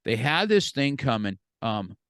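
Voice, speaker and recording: A man's voice: medium pitch, very animated, measured pace, fairly bright tone, smooth, no echo. A middle-aged man who is a podcast guest, telling a story animatedly, repeating words and quoting himself and others.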